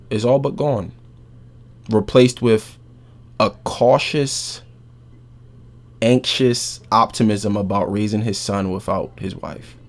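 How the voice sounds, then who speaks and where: A man hosting a podcast, recapping a game's story in a casual, profane, animated way. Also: fairly low pitch. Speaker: podcast host.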